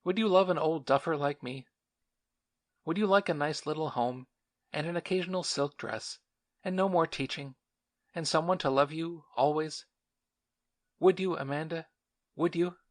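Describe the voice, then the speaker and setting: A man's voice: fairly high pitch, normal speed, pauses often, voice pushed up, lightly acted. A man voicing a lovesick older colonel who pleads earnestly and breathlessly. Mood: pleading.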